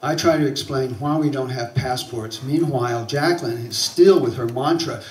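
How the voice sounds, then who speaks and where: A man from South Alabama with a Southern accent, telling a personal story live on stage, animated and getting louder at the tense moments. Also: mid-range voice, normal speed. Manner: animated, building to loud excitement at tense moments. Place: theater stage. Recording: roomy live hall recording from a distance.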